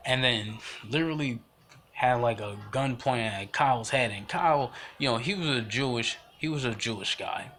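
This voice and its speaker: A man's voice: mid-range voice, brisk, pushed and bright, a little hiss or hum. A young man giving rambling, emphatic spoken commentary with many fillers and restarts. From United States.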